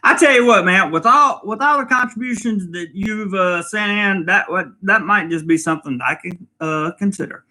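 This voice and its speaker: A man's voice: high-pitched, normal speed, few pauses, pushed and bright. A man hosting a casual live vlog, reading out viewer comments and rambling with lots of fillers. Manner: rambling, many fillers, chuckles often. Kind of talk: casual live-stream chat.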